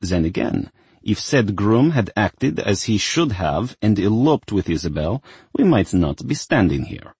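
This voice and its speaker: A man voicing a scheming middle-aged mother who smooths things over in a coaxing, arch way. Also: on the low side, very animated, unhurried, a little mellow, no room sound, full character voice. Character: scheming woman, the bride's mother, smooth talker.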